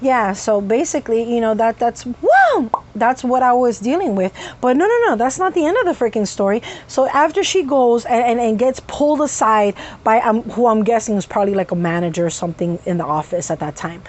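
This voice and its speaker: Woman vlogger, high voice, profane animated storytelling with sudden tic outbursts. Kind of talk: casual story time.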